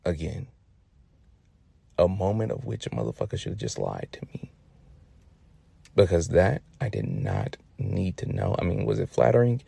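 Low, very gravelly man, dark tone, animated casual comic storytelling, slangy and profane. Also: moderate pace, long pauses, no echo. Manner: profane, slangy, laid-back with lots of fillers.

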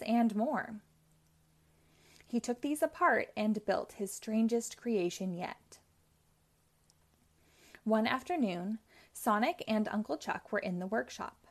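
A woman narrating a children's chapter book aloud in a clear, steady storytelling manner. Her voice sits at a middle pitch and keeps an even pace for young listeners. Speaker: storybook reader.

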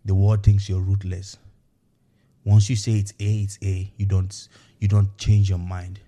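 Earnest low-voiced podcast host, dark tone. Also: male voice, little pitch movement, measured pace. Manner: earnest, repetitive, coaching tone with frequent "okay" and "you know". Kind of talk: motivational podcast monologue.

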